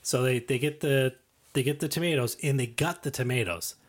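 A man's voice: mid-range voice, a little fast. Rambling man swapping stories. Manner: rambling, swearing, laughs while telling stories. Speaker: storyteller in a chat. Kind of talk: casual chat.

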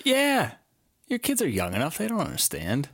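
A man's voice: on the high side, wildly swooping pitch, moderate pace, gravelly, a bit bright. A man in a casual chat, teasing and asking pointed questions.

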